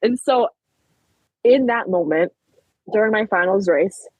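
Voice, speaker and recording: A young woman in her late teens, a podcast guest, chatting and retelling events in a lively way full of "like". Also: mid-range voice, a little slow, no echo, poor audio. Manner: chatty, peppered with "like", animated retelling. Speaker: podcast guest, track athlete. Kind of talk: casual storytelling interview.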